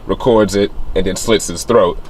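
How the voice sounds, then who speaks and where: A film reviewer casually recaps a movie's plot with spoilers, rambling and leaning on lots of fillers while acting out quotes in a higher voice. His tone is steady and a little mellow, at normal speed. Some faint hiss or hum sits in the background.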